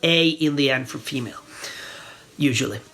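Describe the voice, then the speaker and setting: A man's voice: fairly high pitch, normal speed, creaky, bright, forceful tone. A man from northern Italy with a northern Italian accent, a native Italian speaker, teaching Italian in English and patiently repeating words to show how they are said. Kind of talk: explanatory language lesson.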